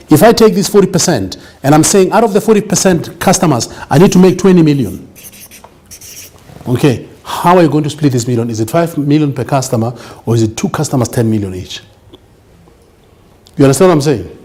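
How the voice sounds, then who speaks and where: A man's voice: on the high side, darkish tone, breathy edge. A man giving an emphatic business seminar lecture, often checking that the audience understands. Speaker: business speaker.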